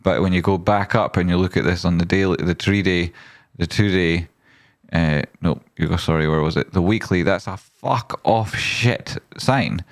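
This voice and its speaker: Profane, rambling man, low voice. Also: moderate pace, dry recording, clean studio sound. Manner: rambling, profane and jokey, often slipping into silly voices; reads viewer chat aloud. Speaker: stock market livestream host. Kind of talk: casual live-stream commentary.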